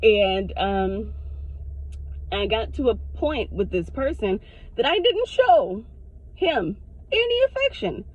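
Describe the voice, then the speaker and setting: Woman vlogger with a somewhat high voice, frank and profane, self-recorded on a dull-sounding camera mic. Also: slow pace, long pauses. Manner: frank, animated, swears freely. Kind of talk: casual storytime monologue.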